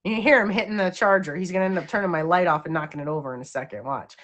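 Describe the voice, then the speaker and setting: A woman's voice: on the low side, rapid-fire, a bit bright. A woman chatting casually to her dog, playful and laughing, slipping into baby talk and casual swearing. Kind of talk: casual chat.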